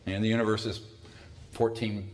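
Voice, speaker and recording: A man in his sixties with a very low voice gives a talk to a live audience in a lecture hall. He speaks conversationally and drops in dry, sardonic asides. The room is echoey. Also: level tone, moderate pace.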